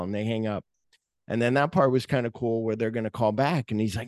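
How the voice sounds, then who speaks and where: A man hosting a podcast, chatting casually about a film and rambling through scenes, acting out the lines in quick quoted voices. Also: on the low side, darkish tone, dry recording, clean studio sound. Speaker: podcast host. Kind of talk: casual movie discussion.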